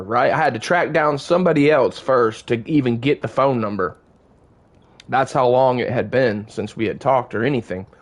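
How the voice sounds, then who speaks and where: Chatting with his stream audience, a game streamer speaks at a medium pitch in a relaxed, profane, conversational manner. He spins a story like he's among friends, cursing freely and wandering from one thought to the next.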